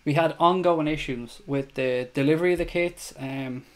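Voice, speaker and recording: A man with a slightly higher voice hosts a fan chat show livestream from home, talking straight into his camera. He chats casually and with feeling, reading out viewers' comments and answering them. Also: normal speed. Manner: chatty, emotional, reads viewer comments aloud.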